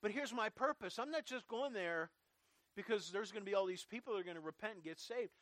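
A middle-aged man delivers an earnest sermon as pastor, his voice sitting a little high. The sound is dry and close, with no room around it. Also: fairly quick, no echo. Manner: earnest preaching, drops to quiet prayer.

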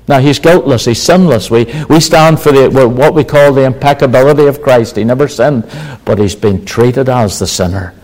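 A man delivering a sermon in an emphatic, declaiming manner. He swells into exclamations and then drops back, slowing down to lean on key words. His pitch sits in a moderate, middle range. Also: a little mellow, low-quality recording. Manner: emphatic, rising to exclamations, slow deliberate stress. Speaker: preacher.

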